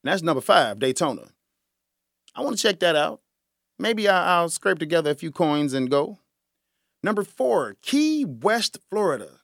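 Gravelly, lively man chatting casually. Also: fairly high pitch, moderate pace, no echo, clean studio sound. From Chicago area. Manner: chatty, joking, laughs often. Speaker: podcast host. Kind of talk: casual solo chat.

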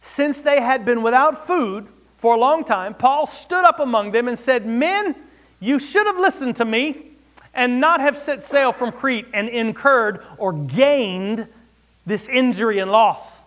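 A man preaching a sermon, expressive, rising and dropping for emphasis, with wry asides. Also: extremely high pitch, measured pace. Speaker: pastor.

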